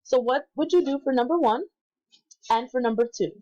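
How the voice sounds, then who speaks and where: A woman as an instructor in a recorded lesson, patiently repeating words slowly for learners and correcting herself aloud. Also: high-pitched, dark tone, highs cut off. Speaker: Spanish instructor.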